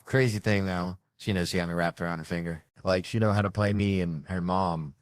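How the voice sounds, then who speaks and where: Lively low-voiced male stand-up comic. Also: fairly quick, no echo, studio quality. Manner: animated storytelling, acting out family members. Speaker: stand-up comedian. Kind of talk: stand-up comedy routine.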